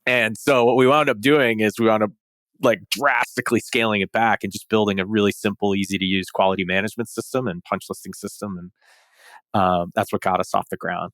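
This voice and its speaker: Low-voiced man, rambling founder story. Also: steady tone, a little fast, fairly bright tone, dry recording. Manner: rambling, full of restarts and fillers. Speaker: startup founder and guest. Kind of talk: casual interview talk.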